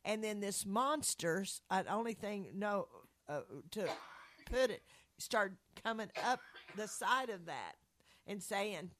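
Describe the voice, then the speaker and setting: Woman speaker, mid-pitched, earnest rambling faith storyteller. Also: unhurried, a bit bright. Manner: earnest, rambling retelling with restarts. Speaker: speaker sharing a faith testimony. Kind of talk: conversational religious storytelling.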